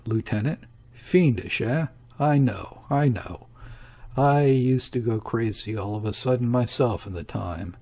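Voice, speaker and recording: A man reading aloud, voicing a bewildered, kindly, excitable old man with a husky voice. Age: older. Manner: flustered exclamations, raised pitch.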